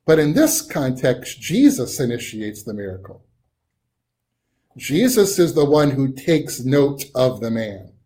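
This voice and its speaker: Man, Bible study teacher, conversational, mid pitch, loose with fillers and restarts. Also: a little slow. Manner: relaxed, thinks aloud with frequent ums and restarts.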